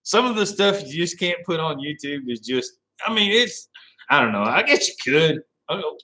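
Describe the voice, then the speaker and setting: A man's voice: a little high, big pitch swings, moderate pace, pushed and bright, low-quality recording. A man hosting a casual live stream, rambling and laughing as he talks to viewers by name.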